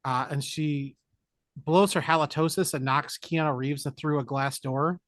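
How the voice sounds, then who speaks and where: Speaking at a measured pace in a slightly high voice, this man co-hosts a podcast and retells a film's plot for laughs, playfully performing the characters' dialogue. The sound is dry and studio-clean, and the chat is a relaxed movie recap.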